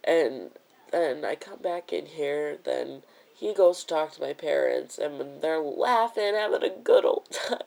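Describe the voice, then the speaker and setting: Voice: medium pitch, expressive, measured pace, vocal fry, a little mellow, poor audio. A vlogger venting in an upset, frustrated rant, rambling with many fillers. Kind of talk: emotional vlog rant.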